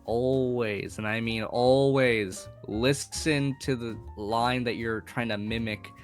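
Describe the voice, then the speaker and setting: A man's voice: mid-range voice, steady tone, slow pace, soft background music. A man, a voice actor, chatting casually and rambling with many fillers. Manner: rambling, lots of fillers, laughs often. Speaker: voice actor, podcast co-host. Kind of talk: casual chat.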